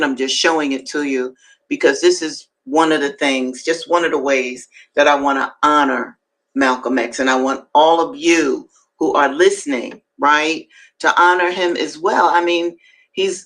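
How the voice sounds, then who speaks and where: A woman hosting a live-streamed reading, talking to viewers between passages and jumping up in pitch to stress her points. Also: steady tone, moderate pace, fairly bright tone, poor audio. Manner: emphatic, swings up high to stress points; chatty asides to viewers. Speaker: host and reader.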